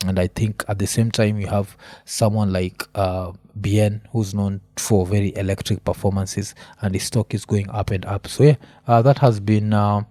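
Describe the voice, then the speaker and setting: A Kenyan man rambling through his solo podcast with a low, warm and mellow voice. He talks loosely, with plenty of uhs and ums. The sound is dry and close, with no room around it. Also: normal speed, dry recording. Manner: relaxed rambling rant with many fillers. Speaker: podcast host.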